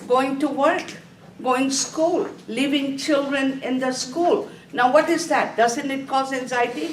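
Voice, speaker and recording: A female nursing exam review instructor delivers a classroom lecture, posing questions, answering them herself, and telling students to underline key words. Her voice is high-pitched and a little slow. The room is echoey, she sounds distant, and there's faint noise.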